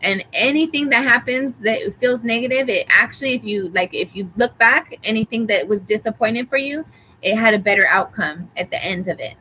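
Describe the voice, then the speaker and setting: A woman giving a tarot reading, calmly reassuring the listener with affirmations and rambling a little as she talks. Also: fairly high pitch, brisk, slight background noise, low-quality recording. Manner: rambling, with fillers and restarts. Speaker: tarot reader. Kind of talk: live tarot reading for a viewer.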